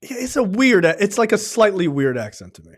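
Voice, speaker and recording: A man co-hosting a casual film review chat, animated and joking, with frequent swearing. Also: high-pitched, fairly quick. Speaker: podcast co-host.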